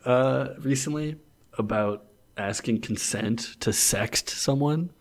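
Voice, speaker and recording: A man's voice: mid-range voice, takes it slowly. Playful laughing young man. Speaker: podcast host. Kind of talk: casual comedy podcast chat.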